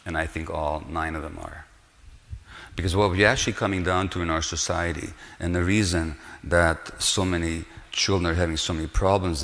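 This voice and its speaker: A man's voice: sits low, a bit bright. A man in his sixties giving a public lecture, earnest and emphatic, with rhetorical questions to his audience. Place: lecture hall. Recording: long reverb of a lecture hall.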